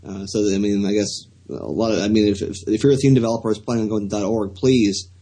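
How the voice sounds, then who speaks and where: A man's voice: fairly low pitch, steady tone, fast, dark tone, breathy edge, low-quality recording. A man co-hosting a casual podcast, talking in a rambling, hesitant way with many restarts. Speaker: podcast co-host.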